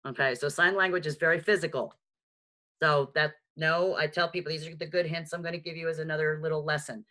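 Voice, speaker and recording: A woman with a heavy New York accent teaching a beginner sign language lesson on a video call, chatty and frank with joking asides. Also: sits low. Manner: lively, chatty and frank, with quick asides and self-mocking jokes. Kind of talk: live online lesson. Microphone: video call microphone.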